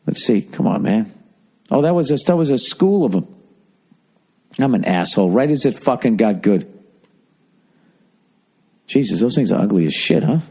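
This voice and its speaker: A male podcast host talking by himself in a loose, meandering monologue. He swears freely, stops to think mid-sentence and riffs on whatever comes to mind, and his voice sits at an ordinary middle pitch for a man. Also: animated, moderate pace, long pauses, husky. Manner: profane, riffing, thinking out loud. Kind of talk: rambling solo podcast monologue.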